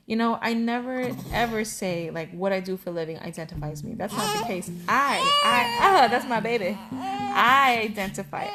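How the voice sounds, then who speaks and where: A middle-aged woman vlogging about her life in a candid, heartfelt, rambling way. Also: on the high side. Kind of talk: casual personal talk to camera.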